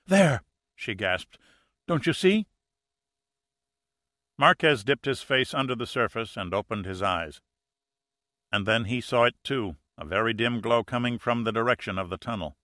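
A male audiobook narrator reading in a measured, suspenseful style. His voice sits low with a bright edge, recorded dry and close. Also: dry recording. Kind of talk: scripted narration.

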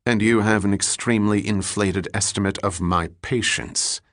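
A man's voice: lowish voice, fairly even intonation, moderate pace, a bit bright, no room sound, clean studio sound, natural voice. A man voicing a cool, shrewd male detective who talks in a clipped, firm way. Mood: cold, pressing.

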